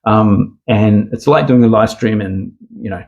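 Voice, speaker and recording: A man's voice: on the low side, unhurried, creaky, a little mellow, highs cut off. A man delivers a casual opinion monologue in a rambling, swear-heavy style. He comes across as sarcastic and loose, with plenty of filler along the way. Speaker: commentator.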